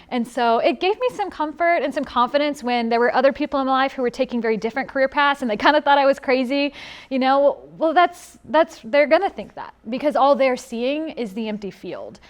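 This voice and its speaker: A woman with a fairly high voice, speaking on a faith panel. She is reflective and sincere, and her phrases trail off more quietly at their ends. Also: animated, normal speed. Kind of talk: personal testimony on a panel.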